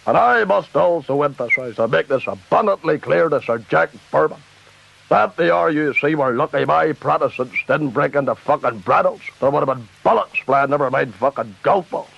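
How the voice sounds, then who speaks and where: A man's voice: a little high, moderate pace, vocal fry, slightly rough, exaggerated voice. A man with a Northern Irish accent voicing a foul-mouthed old preacher-politician in a comedy sketch, ranting and menacing. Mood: defiant. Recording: dull lo-fi record with faint hiss.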